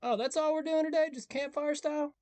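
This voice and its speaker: A man voicing his own inner voice, a chirpy, eager male sidekick, in a playful high register. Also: steady tone, fairly quick, darkish tone, no echo. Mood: incredulous.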